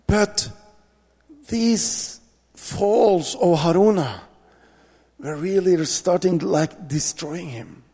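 Slow, gravelly preacher in a hall. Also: male voice, sits high, a little mellow. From Norway. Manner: earnest storytelling with many restarts. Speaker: missionary preacher. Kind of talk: testimony in a church talk.

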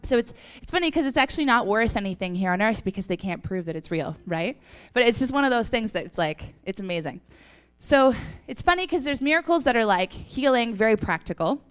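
A young woman with a fairly high, smooth and clear voice, speaking to a church crowd. She tells her stories chattily, full of laughs and fillers, and sounds a little sniffly. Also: lively intonation, a little fast, hardly any pauses. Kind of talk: casual testimony talk.

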